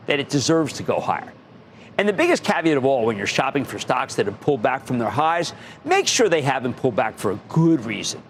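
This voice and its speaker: An older American man hosting a TV investing show, emphatic and animated, repeating key words and now and then breaking into shouts. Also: mid-range voice, a little hiss or hum. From United States. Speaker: TV stock market show host. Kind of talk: energetic TV investing commentary.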